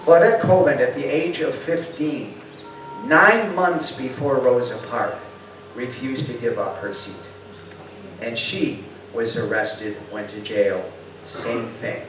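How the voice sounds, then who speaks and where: An older man with a mid-pitched voice tells stories to an audience, bringing the people in them to life and putting questions to the room. He sounds far from the microphone, and his voice rings around a very echoey hall with a faint hum behind it. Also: slow pace. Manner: lively storyteller who acts out quotes and asks the audience questions. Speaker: speaker giving a talk. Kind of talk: storytelling lecture.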